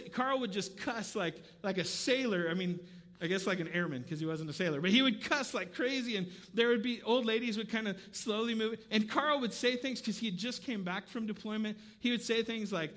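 A male pastor preaching a sermon, telling a story in a conversational way with asides, moving from quiet moments to near-shouting. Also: high voice, brisk.

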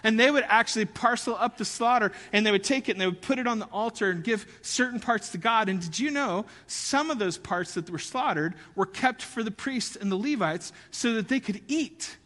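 Animated, bright-voiced male preacher. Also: sits high, in a large hall. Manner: animated, conversational preaching with rising emphasis. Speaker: pastor. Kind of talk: sermon.

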